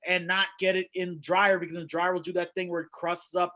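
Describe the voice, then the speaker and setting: Speaking in a high, level voice that is bright and forceful, this man talks briskly as he hosts a video-call open mic. Working from a small room at home, the comedian rambles and riffs through self-deprecating bits.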